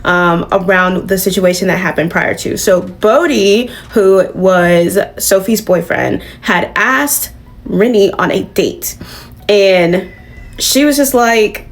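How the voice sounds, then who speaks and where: A woman reviewing comics in a casual recap, animated and swearing freely. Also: on the low side, slow.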